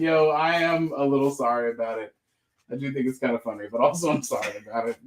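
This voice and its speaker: A man hosting a live comic book sale, listing issues casually and joking in rambling asides. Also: a little high. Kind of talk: casual live-stream selling.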